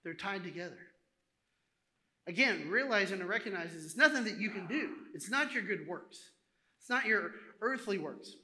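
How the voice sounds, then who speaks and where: A man preaching a sermon in a lively, conversational way, acting out little asides to the congregation. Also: sits high, moderate pace. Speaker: pastor.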